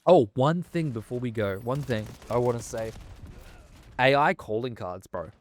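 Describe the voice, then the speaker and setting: A man's voice: mid-range voice, animated, moderate pace. A man, ranting casually about a game with lots of swearing and restarts. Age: 20s. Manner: heated, swearing, rambling with frequent restarts. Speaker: gaming vlogger.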